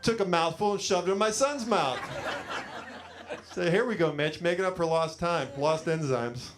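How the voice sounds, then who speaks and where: Rambling stand-up man, slightly high voice. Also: moderate pace, background noise. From California. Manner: rambling self-deprecating storytelling with many fillers. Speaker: stand-up comedian. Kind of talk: stand-up comedy set. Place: small studio stage with a live audience.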